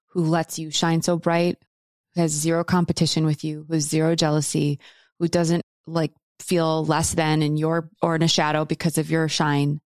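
A woman's voice: deep voice, a little mellow, no room sound, studio quality. A woman hosting a podcast, speaking earnestly and emphatically and repeating phrases for emphasis. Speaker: podcast host. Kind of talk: heartfelt conversation.

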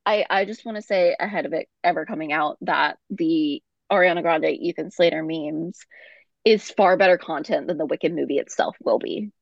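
A woman's voice: deep voice, creaky, no room sound. Wry woman co-host on a dull, dry mic. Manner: quick, wry commentary with laughs and fillers. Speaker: podcast co-host. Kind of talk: casual chat.

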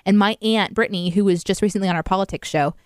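A playful woman co-host chatting on a livestream and rushing through tongue twisters. Her voice sits mid-range and sounds close and dry, with little room around it. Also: mid-range voice, clean tone, no room sound. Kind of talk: casual chat and tongue-twister games.

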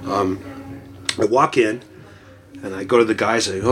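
A man's voice: on the low side, moderate pace, long pauses, soft background music. A middle-aged man from Toronto, a podcast guest telling loose, profane stories and acting out what others said. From Toronto, Canada. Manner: profane, animated, acts out quotes. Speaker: guest, punk singer. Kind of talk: casual storytelling.

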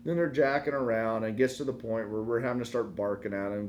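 Casual male co-host, thirties, lively storyteller, slight noise floor. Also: on the low side, fast. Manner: animated storyteller, quoting family in lively voices.

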